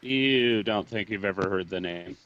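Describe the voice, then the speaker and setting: A man with a lowish voice acts as game master, giving calm, matter-of-fact rulings to his players. His voice comes through a dull, lo-fi recording. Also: moderate pace. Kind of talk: narrating a tabletop game. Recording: dull lo-fi sound.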